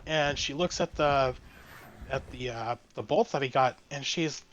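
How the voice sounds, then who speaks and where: A man's voice: medium pitch, measured pace, a bit bright, dull audio, slight background noise. A man who is a streamer guest, casually telling a story in a rambling way full of restarts. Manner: rambling, with many restarts and fillers.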